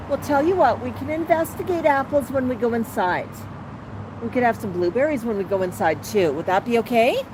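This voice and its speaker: A woman hosting a live stream from her patio, gently soothing her pet bird as if talking to a small child. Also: on the high side, animated, fairly quick. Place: outdoor patio by a street. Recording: outdoor street traffic noise.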